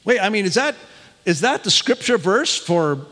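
A man's voice: high voice, very animated, moderate pace, fairly bright tone, long reverb tail. An older man preaching a sermon as pastor, folksy and self-deprecating, often chuckling at himself.

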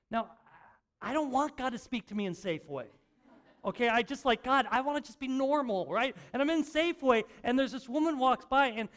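An older male pastor with a high voice preaches in a church. He talks like he is chatting with friends, pokes fun at himself, and trips over his words as he restarts sentences. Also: a bit bright. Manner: conversational, self-mocking storytelling with frequent restarts. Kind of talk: sermon. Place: church sanctuary.

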